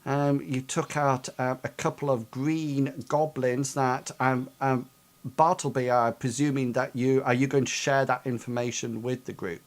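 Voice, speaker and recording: A man's voice: medium pitch, little pitch movement, a little slow. A man narrating as game master of a tabletop game over voice chat, hesitant and full of ums. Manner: hesitant, filled with ums and likes.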